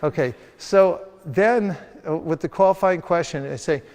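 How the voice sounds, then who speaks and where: Speaking at a measured pace with hardly any pauses, a sales trainer uses a slightly high, somewhat mellow voice. He leads a group through hands-on training, playfully acting out street encounters, recorded with a hall's long reverb.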